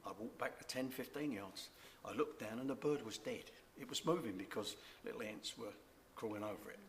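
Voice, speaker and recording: A man's voice: fairly low pitch, brisk, slight background noise. An older man sharing a personal faith testimony, earnest and reflective, repeating key words. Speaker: church member giving testimony.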